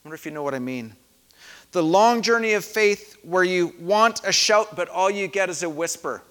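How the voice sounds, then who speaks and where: A man preaching a sermon in a church, calm and reflective, dropping soft and then leading the congregation in loud shouted responses. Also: high-pitched, moderate pace. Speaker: pastor. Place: church sanctuary. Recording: echoey hall.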